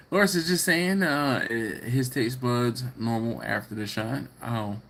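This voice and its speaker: A man's voice: medium pitch, slow pace, fairly bright tone. A man from Philadelphia hosting a casual livestream, reading viewer comments aloud and laughing often. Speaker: livestream host reading chat. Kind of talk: casual live chat.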